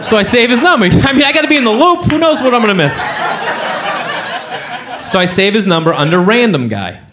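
A man's voice: high-pitched, sing-song, a little fast, noisy background. A man doing stand-up on a club stage, telling a rambling self-mocking story full of "you know" fillers. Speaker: stand-up comedian.

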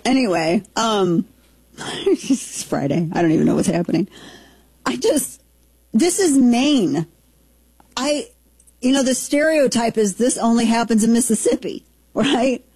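Talk-show woman from Southern Missouri, forties, husky, dry studio sound, animated storyteller. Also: on the high side, measured pace, no room sound. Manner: animated storyteller, laughs easily. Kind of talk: casual chat, storytelling.

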